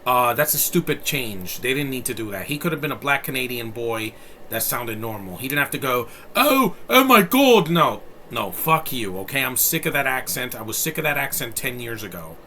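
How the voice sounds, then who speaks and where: Blunt, bright-voiced man reviewing films. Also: mid-range voice, brisk, a little hiss or hum. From New York City. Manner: blunt and profane, rambling with many fillers. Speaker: movie reviewer. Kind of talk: casual spoken film review.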